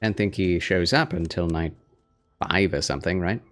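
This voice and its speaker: A tired young man gently chatting with viewers while streaming a game, soft-spoken and reading chat. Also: deep voice, normal speed. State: fatigued. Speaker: gaming streamer. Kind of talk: live gaming stream chat.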